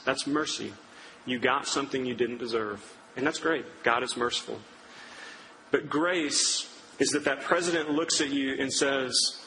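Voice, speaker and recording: A man's voice: medium pitch, unhurried, noisy background. A young man preaching a sermon in a casual, storytelling way, acting out quotes. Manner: conversational, storytelling with acted-out quotes. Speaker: pastor. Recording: reverberant hall with faint ambience.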